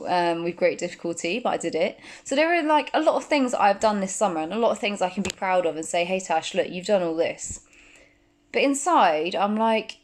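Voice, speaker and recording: A woman in her twenties talking casually to camera as a vlogger, full of fillers and quick asides. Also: medium pitch. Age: 20s. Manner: chatty, many fillers like "like". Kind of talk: casual chat.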